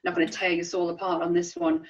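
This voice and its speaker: A woman's voice: on the low side, very animated, fast talker. A woman, co-hosting a casual film chat, talking enthusiastically and laughing often. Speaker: podcast co-host. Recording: slightly distant, dull sound.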